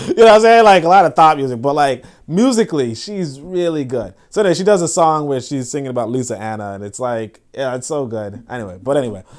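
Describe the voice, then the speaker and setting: A man hosting a casual livestream, chatting loosely and full of slang, fillers and laughs. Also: mid-range voice. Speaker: host.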